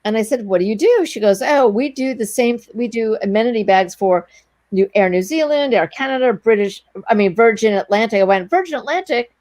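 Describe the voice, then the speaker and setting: This is a middle-aged woman, an entrepreneur guest in a casual interview, animatedly recounting a long story and playing out everyone else's dialogue along the way. She talks fairly quickly at a fairly high pitch, breathless, with no echo on the sound.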